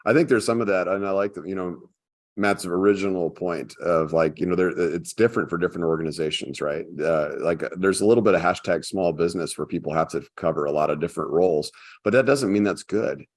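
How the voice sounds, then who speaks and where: A man with a very low, deep voice talks through workplace ideas in a relaxed podcast chat. He rambles a little, restarting phrases as he thinks aloud. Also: fairly quick. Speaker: podcast co-host, consultant. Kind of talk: casual business chat.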